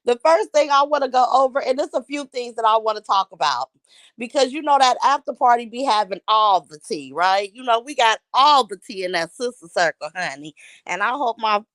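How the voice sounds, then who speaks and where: High, dry-voiced woman greeting her viewers. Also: expressive, fairly quick, a bit bright, no echo. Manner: chatty, greets viewers by name with pet names. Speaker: livestream host. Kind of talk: casual livestream chat greeting viewers. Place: at home. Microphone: phone livestream.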